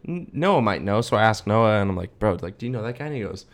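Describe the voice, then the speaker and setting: A man's voice: lowish voice, animated, fast talker. A young man co-hosting a podcast, telling a rambling story in casual chat with many fillers. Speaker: podcast co-host.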